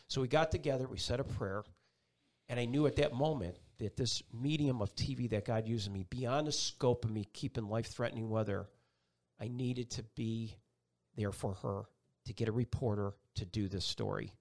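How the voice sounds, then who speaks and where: A man's voice: mid-range voice, moderate pace. A middle-aged man, a TV meteorologist and guest, telling a personal story with feeling and acting out the people in it. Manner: animated, acts out voices in his story.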